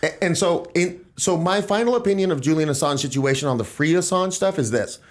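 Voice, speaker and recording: A man's voice: on the high side, animated, fairly quick. Opinionated man on a podcast. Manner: opinionated, emphatic, rambling. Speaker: podcast host. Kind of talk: casual political discussion.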